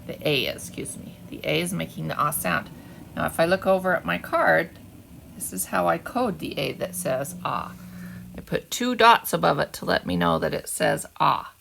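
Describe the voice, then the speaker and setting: A woman's voice: sits low, big pitch swings, creaky, fairly bright tone, a little hiss or hum. A woman teacher giving a patient phonics lesson to second graders, asking them to repeat words after her. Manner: slow, patient, asks children to echo words. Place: at home, away from school.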